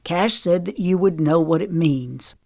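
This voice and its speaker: An earnest, anxious older brother with an urgent, pleading delivery, as a woman narrator voices him. The voice stays low-pitched. The recording is dry and close. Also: a little slow, vocal fry, mellow, no room sound.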